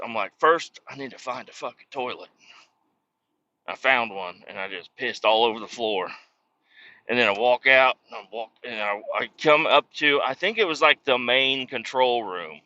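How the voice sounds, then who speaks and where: A man talks in a sharp, forceful voice that has a hard edge. He is a truck driver telling a loose, swearing story as he drives. The recording sounds slightly muffled and lo-fi. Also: mid-range voice. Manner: profane, ranting storyteller. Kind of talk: casual rambling monologue.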